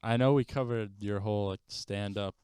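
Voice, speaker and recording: A man hosting a casual podcast chat, telling stories in an animated way and swearing freely. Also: lowish voice, normal speed, crowd noise. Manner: animated, profane storytelling. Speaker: podcast host.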